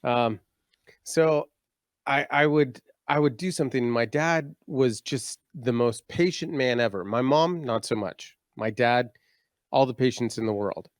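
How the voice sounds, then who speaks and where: A man's voice: mid-range voice, unhurried, no room sound, clean studio sound. A middle-aged man co-hosting a casual parenting podcast, telling stories about his own teenage years and laughing at himself. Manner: storytelling, laughs at himself, acts out his dad in quotes. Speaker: podcast co-host.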